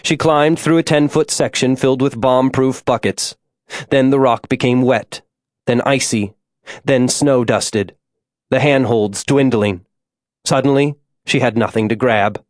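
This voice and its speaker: A man reading an audiobook in a measured, scripted narration. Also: mid-range voice, fairly even intonation, dry recording, clean studio sound.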